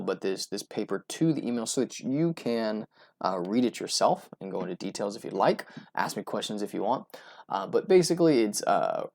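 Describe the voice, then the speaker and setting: An American oil and gas investment commentator talks casually on his own about oil prices, loose and full of fillers, restarts and "right?" asides. His voice sits on the low side with a darkish tone.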